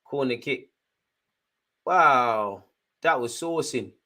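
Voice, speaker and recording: A young man hosting a live football watchalong, giving chatty, jokey running commentary full of slang, jumping between excited outbursts and low muttered asides. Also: slow. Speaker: fan watchalong host.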